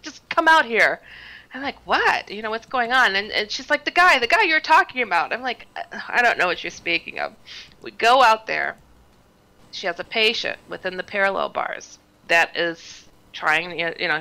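Woman guest telling a spooky story, smooth clear voice, does little voices for people. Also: mid-range voice, poor audio. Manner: animated storyteller, acts out quoted voices. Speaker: guest author. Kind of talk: telling a personal story on a talk show.

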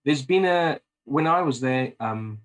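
A man's voice: mid-range voice, animated, a little slow, rough recording. A man with a South African accent, chatting at length as a podcast guest, rambling and often restarting his sentences. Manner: talkative and rambling, many restarts. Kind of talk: casual interview chat.

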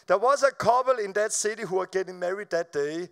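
A man preaching at a live event, telling a personal testimony in an animated, stop-start way, laughing often and repeating words as he goes. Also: sits high, a little fast. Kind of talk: storytelling testimony. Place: live event before an audience.

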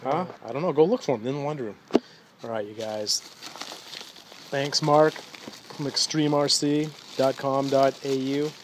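A man's voice: mid-range voice, measured pace, pauses often, background noise. A middle-aged man doing a casual, enthusiastic unboxing at home, who keeps saying "you guys" to his viewers. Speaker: RC hobby vlogger.

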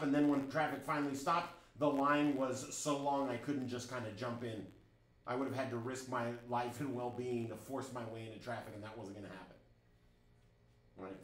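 A man's voice: mid-range voice, a bit bright, echoey room, rough recording. A middle-aged man teaching a driving class in a chatty, storytelling way, often checking in with the students. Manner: chatty, storytelling, frequent "right?" check-ins. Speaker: driving instructor. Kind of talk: classroom lecture.

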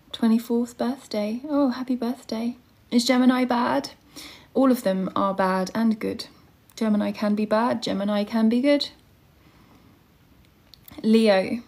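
Slow-talking young woman hosting a livestream. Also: fairly high pitch, steady tone, warm tone. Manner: greets viewers by name and reads out star signs. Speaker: livestream host and online English teacher. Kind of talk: casual livestream chat reading viewer comments.

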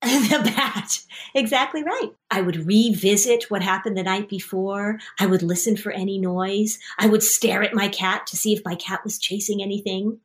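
Here a middle-aged anxiety therapist and podcast host talks at a moderate pace in a mid-range voice. She leads a session with a parent and child, coaching them and narrating animated stories where she voices each part.

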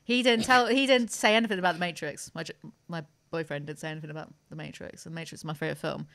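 A woman's voice: low voice, steady tone, rapid-fire, hardly any pauses, a bit bright. A woman hosting a podcast in casual banter, brash and jokey, swearing freely. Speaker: podcast host.

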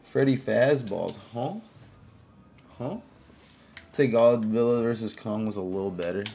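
A man streaming a game live, chatting casually with viewers, greeting them by name and reacting out loud to plays. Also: lowish voice, unhurried, gravelly.

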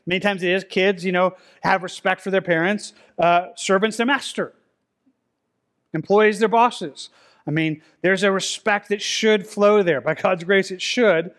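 A man with a fairly high voice preaches in a church, talking it through casually and pausing to read scripture slowly. He often stumbles and repeats a word, and keeps things plain and easy to follow. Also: fairly even intonation, a bit bright. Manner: conversational, repeats words, reads scripture slowly. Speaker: pastor. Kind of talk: expository sermon. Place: church sanctuary.

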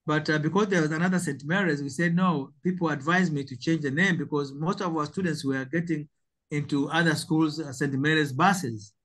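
A man's voice: on the high side, fairly quick, a bit bright. Older Tanzanian man, emphatic guest. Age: 70s. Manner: emphatic, repeats and restarts words. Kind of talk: interview answers.

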